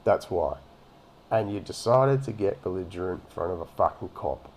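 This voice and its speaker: A man's voice: sits low, animated, normal speed, heavy background noise. A man giving a profane, mocking rant as he comments on a video. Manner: ranting and mocking, heavy swearing. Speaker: reaction commentator.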